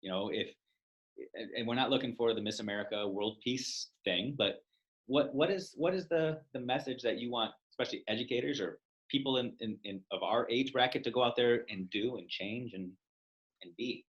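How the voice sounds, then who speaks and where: A man's voice: mid-range voice, normal speed, lo-fi sound. A man hosting an education podcast, enthusiastic and affirming, with a playful streak. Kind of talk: casual interview chat.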